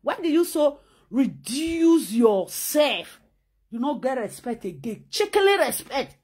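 A woman's voice: high voice, very animated, measured pace, darkish tone, breathy edge. A woman from Nigeria with a Nigerian Pidgin accent, ranting in a scolding, mocking vlog while she sews. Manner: talks while sewing. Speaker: vlogger.

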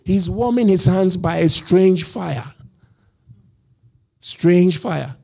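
A man's voice: sits high, animated, takes it slowly, gravelly, dark tone. A male pastor preaching a sermon, telling the story with animation, acting out the quoted voices and laughing as he goes. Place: church.

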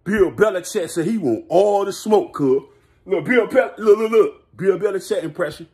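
A man ranting as a vlogger, excitable and boastful, with lots of street slang and frequent laughter. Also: high-pitched, normal speed. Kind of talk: sports hot-take rant.

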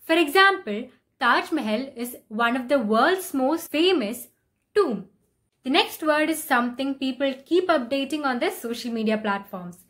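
Woman teaching pronunciation, slightly high voice. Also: expressive, fairly bright tone. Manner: slow, deliberate repetition of example words. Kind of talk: explaining and modeling word pronunciations.

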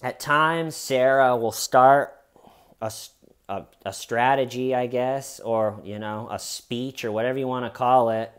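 A man giving casual true crime commentary, animated and conversational, with dry dark humor. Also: mid-range voice, measured pace, smooth. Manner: animated, conversational, slips into quoting people.

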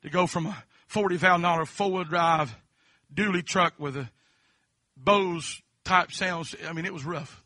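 A preacher from Kentucky with a Southern accent, giving a testimony sermon. He shifts between quiet storytelling and fervent, shouted preaching. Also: fairly high pitch, unhurried, no room sound.

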